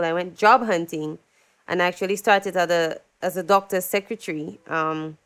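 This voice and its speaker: A young woman tells stories from her life in a relaxed interview. Her voice is smooth and clear, and she gets animated as she acts out what other people said. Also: fairly low pitch. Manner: animated storyteller, acts out quotes, laughs often. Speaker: guest, singer. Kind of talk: casual interview chat.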